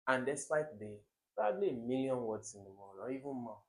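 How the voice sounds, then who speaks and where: Man, young adult, exam tutor, emphatic, repeats and quizzes, medium pitch. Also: sing-song, brisk. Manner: emphatic teacher, repeats words and quizzes the viewer. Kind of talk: recorded exam-prep lesson.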